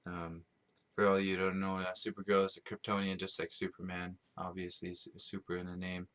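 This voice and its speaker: Low-voiced man rambling on a podcast. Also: monotone, a little fast, fairly bright tone. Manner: rambling, many ums and restarts, laughs at himself. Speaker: podcast host. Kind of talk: casual solo podcast rambling.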